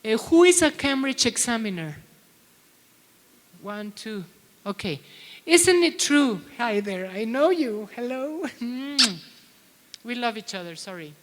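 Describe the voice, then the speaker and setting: Slow-talking woman in a reverberant hall. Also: a little high, sing-song, a little hiss or hum. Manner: chatty, asks the audience questions. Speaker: plenary speaker at a teachers' conference. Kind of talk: conference talk to an audience.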